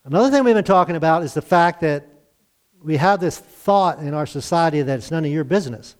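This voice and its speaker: A man's voice: fairly high pitch, expressive, a little fast. An older man, a pastor, preaching a conversational sermon to a congregation and asking them to respond. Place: church service.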